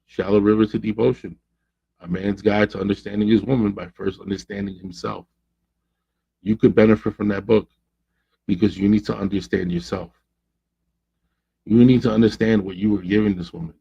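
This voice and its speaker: Podcast host, man, husky and dark-toned, preachy advice monologue, dull lo-fi sound. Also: fairly low pitch, steady tone, normal speed, long pauses. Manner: preachy, acts out quoted voices.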